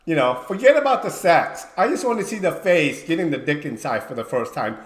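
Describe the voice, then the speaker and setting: A man who coaches wrestling, telling a story in casual livestream chat, swearing freely and acting out shouted lines. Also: a little high, sing-song, a little fast, roomy sound.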